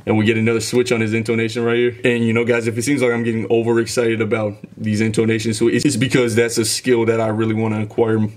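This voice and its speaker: A man's voice: lowish voice, monotone, fast talker, few pauses. A man hosting a music reaction video, eagerly explaining the rap flow and delivery in casual chat. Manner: enthusiastic, analytical about rap flow.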